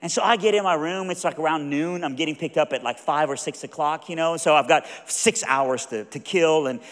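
A high-voiced Southern American man preaches in a folksy, animated way, spinning a story and putting on the other people's voices. His voice rings out with a long reverb from a large hall. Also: a little fast. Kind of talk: sermon storytelling.

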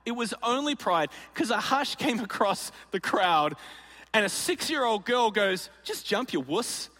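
A man's voice: high voice, very animated, unhurried, pushed and bright, long reverb tail. A man preaching, telling a comic story and acting out the voices of the people in it. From Australia. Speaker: pastor. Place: large auditorium.

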